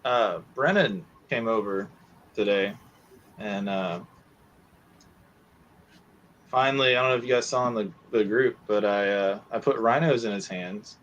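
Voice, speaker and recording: A man's voice: lowish voice, moderate pace, a bit bright, muffled recording, slight background noise. A man as a podcast guest, easygoing and modest in casual chat.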